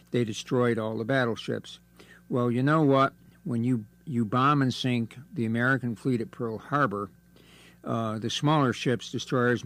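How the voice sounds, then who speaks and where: A man's voice: mid-range voice, vocal fry. Detail-minded man explaining history. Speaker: radio guest, history expert. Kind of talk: casual radio conversation.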